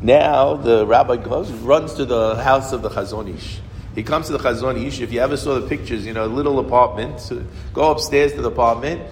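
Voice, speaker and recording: A man telling a story as a Torah lesson to a small group, lively and often restarting his phrases. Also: mid-range voice, a little fast. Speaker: Torah teacher. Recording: reverberant room with faint noise.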